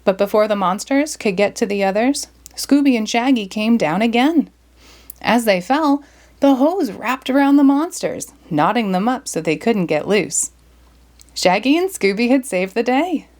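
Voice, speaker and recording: A woman reading a children's storybook aloud in a lively, expressive way. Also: fairly high pitch, normal speed. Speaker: storybook reader. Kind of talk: children's read-aloud narration.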